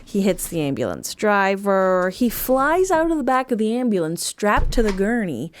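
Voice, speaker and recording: A woman recapping a movie on a podcast in a rambling, casual way, full of fillers and quick acted-out quotes. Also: mid-range voice, very animated, a little hiss or hum.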